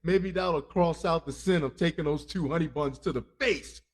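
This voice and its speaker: A man's voice: a little high, normal speed. A man hosting a comic crime news podcast, rambling and joking with frequent laughs and cursing. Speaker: podcast host.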